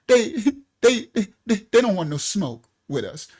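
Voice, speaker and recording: A man loosely imitating a calm, boastful male politician who speaks in a nonchalant, laid-back tone. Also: sits high, a little slow, husky, no room sound, clean studio sound, pitched above the performer's own voice, heavily acted. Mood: smug.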